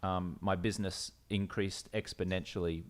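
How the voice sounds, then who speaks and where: A man's voice: low-pitched, fairly even intonation, normal speed. A man co-hosting a podcast, talking in an easygoing, reflective way. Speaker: podcast co-host. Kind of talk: casual conversation.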